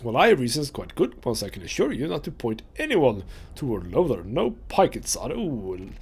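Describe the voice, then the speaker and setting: Gravelly, husky let's play host. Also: male voice, medium pitch, wildly swooping pitch, moderate pace, darkish tone. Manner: chatty, rambling with fillers. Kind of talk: casual game commentary, reading dialogue aloud.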